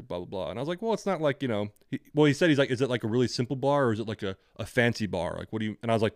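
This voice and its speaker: Fast-talking profane young man ranting. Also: mid-range voice, expressive, no echo, clean studio sound. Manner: profane, ranting, acts out both sides of dialogue. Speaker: podcast co-host. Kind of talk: casual storytelling chat.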